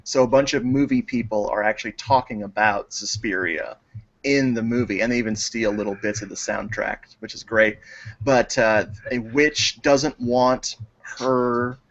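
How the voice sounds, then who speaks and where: A man on a video call telling an anecdote in an animated, amused way. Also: mid-range voice, moderate pace. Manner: animated, laughing storyteller. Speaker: roundtable panelist. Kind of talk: casual chat on a video call. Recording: dull lo-fi call audio.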